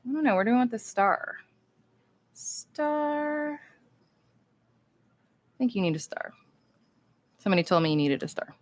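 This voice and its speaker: Signing cards live on stream, this voice actress talks as she writes, chatty and upbeat with a playful, rambling style. She speaks at medium pitch, animated and a little fast, with some long pauses.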